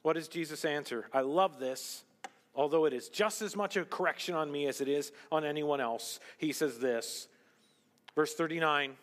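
A man preaching a sermon as pastor, swinging between loud emphasis and hushed asides. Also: on the high side, moderate pace. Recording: long hall reverb.

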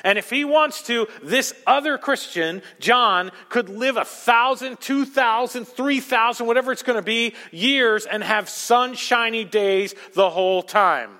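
A man preaching a sermon as pastor, emphatic, swinging between loud rising peaks and quiet low asides. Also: a little slow, few pauses. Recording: long hall reverb.

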